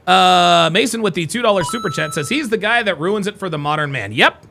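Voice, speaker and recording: Male reaction host, blunt and mocking, high lively delivery. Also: quick pace, gravelly, hardly any pauses, slight background noise. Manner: blunt, mocking, swears freely. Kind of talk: live stream reaction commentary.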